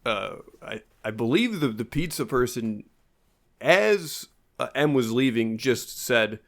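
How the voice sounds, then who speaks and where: Wry, halting man in casual chat. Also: medium pitch, animated, vocal fry, fairly bright tone. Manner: wry, halting, self-deprecating. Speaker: podcast co-host.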